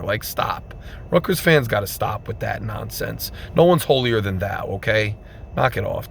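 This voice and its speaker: A fan vlogger delivers an emphatic, repetitive postgame rant, veering between loud outbursts and quiet sadness. His medium-pitched voice has vocal fry, with slight background noise.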